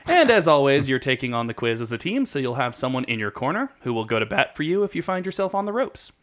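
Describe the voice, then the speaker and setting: A man's voice: mid-range voice, sing-song, fast talker, fairly bright tone. A man hosting a quiz, joking with puns and explaining each answer in an easygoing way. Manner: playful, punning, explains answers at length. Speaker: quiz host. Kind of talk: casual quiz banter.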